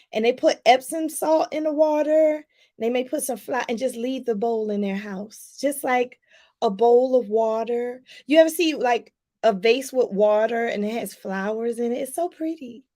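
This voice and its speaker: A woman life coach talking casually to her viewers in a live stream, chatty and lively, laughing often and calling them "y'all". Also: moderate pace. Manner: lively, pitch jumps up for emphasis.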